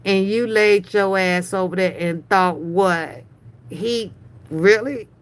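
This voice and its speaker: A woman hosting a livestream, giving mocking reaction commentary in profane slang, teasing with drawn-out repeats and frequent laughter. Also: mid-range voice, smooth. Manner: profane, slangy street talk. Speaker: livestream host.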